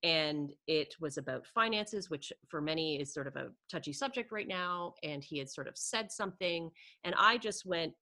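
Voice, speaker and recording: A woman's voice: sits low, normal speed, few pauses. A middle-aged woman chatting casually and animatedly, often acting out her own inner voice. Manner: animated, lots of "like" and quoted self-talk. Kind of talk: casual conversation.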